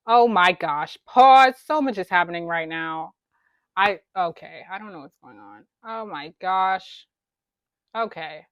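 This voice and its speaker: A woman hosting a casual music video reaction, excitable and teasing, exclaiming often. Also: on the low side, no room sound. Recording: faint music in background. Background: music video playing faintly.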